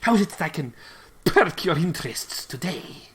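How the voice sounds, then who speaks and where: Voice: medium pitch, sing-song, normal speed, fairly bright tone, a little hiss or hum, voice pushed up. A game master voicing Findilego, a flamboyant male dragonborn shopkeeper with showy sales patter and an odd, vaguely Italian lilt. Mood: welcoming.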